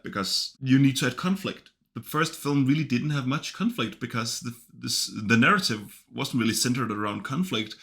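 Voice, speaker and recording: A man's voice: mid-range voice, creaky, sharp tone. A man casually reviewing films, chatty and enthusiastic. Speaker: film reviewer. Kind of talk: casual video review commentary.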